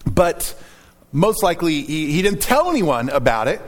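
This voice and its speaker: A man preaching a sermon to his church, reading scripture aloud in a dramatic, animated way. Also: on the high side, normal speed, in a large hall. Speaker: pastor.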